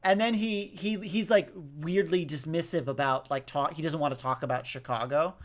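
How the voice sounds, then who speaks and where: Man, higher voice, casual movie chat, animated retelling. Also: normal speed. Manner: animated, acts out movie lines. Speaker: podcast co-host.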